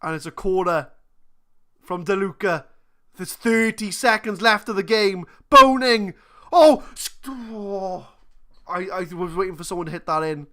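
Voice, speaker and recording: A woman hosting a gaming channel, commentating her football management game live, thinking aloud and swinging between muttering and shouting. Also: lowish voice, normal speed.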